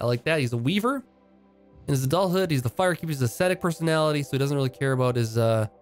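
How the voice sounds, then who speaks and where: A man giving casual, upbeat commentary while playing a video game, thinking aloud with frequent fillers and restarts. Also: mid-range voice. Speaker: game streamer.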